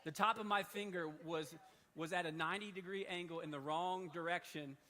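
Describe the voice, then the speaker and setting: A man in his thirties preaching in a church hall, telling a story in an animated, conversational way. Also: high voice, brisk. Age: 30s. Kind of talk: sermon storytelling. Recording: long hall reverb.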